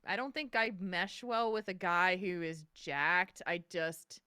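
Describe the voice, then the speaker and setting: A woman's voice: on the low side, pushed and bright, clear, resonant tone, dry recording, clean studio sound. A woman co-hosting a casual chat show, talking frankly and laughing easily. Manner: frank, chatty, quick to laugh. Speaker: podcast co-host.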